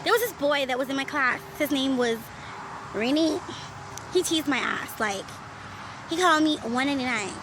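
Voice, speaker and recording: A woman's voice: sits high, animated, brisk. A young Bahamian woman talking candidly in a casual vlog while walking uphill outdoors in the heat, a little out of breath. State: slightly out of breath. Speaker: vlogger. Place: outdoors in hot sun. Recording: noisy outdoor background.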